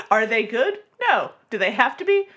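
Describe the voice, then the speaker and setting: A woman's voice: on the high side, sing-song, unhurried, a bit bright, husky. A woman co-hosting a comedy podcast, chatting playfully, laughing often and joking at her own expense. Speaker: podcast co-host. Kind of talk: casual comedic chat.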